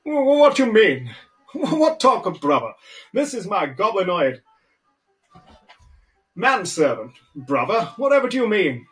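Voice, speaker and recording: A man's voice: high-pitched, big pitch swings, measured pace, long pauses, a bit bright, soft background music, voice pushed up, exaggerated voice. A man voicing a fussy, pompous male gnome who stammers and wheedles in a self-important way. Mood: nervous denial.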